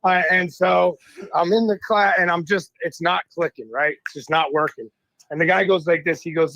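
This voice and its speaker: A man from the Boston area, a guest on a radio talk show, telling stories in an animated and profane way. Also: a little high, moderate pace, dry recording, low-quality recording.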